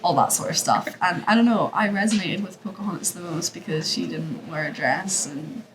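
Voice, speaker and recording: A young woman co-hosting a podcast, chatting in an easygoing, hesitant, soft-spoken way. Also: on the low side, fairly quick, a crowd in the background, rough recording. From Scotland. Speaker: podcast co-host. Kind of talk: casual chat.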